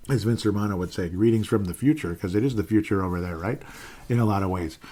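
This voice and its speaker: A man's voice: on the low side, lively intonation, fairly quick, gravelly, darkish tone. A man hosting a casual solo sports podcast, rambling along with frequent fillers and restarts. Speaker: podcast host.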